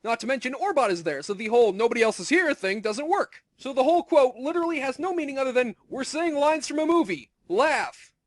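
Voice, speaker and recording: A man's voice: very high-pitched, lively intonation, brisk, hardly any pauses, no room sound, studio quality. A man in comedic video review commentary, nitpicking the game's logic in a pedantic way.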